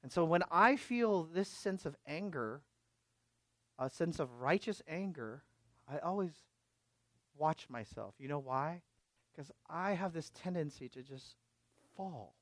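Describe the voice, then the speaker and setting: A man preaching a sermon as pastor, emphatic and questioning his listeners, swinging from loud exhortation to quiet asides. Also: a little high, lively intonation, a little slow, long pauses, no echo.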